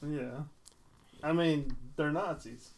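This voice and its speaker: A man co-hosting a podcast in casual chat, playful and quick to laugh. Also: fairly high pitch. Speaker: podcast co-host.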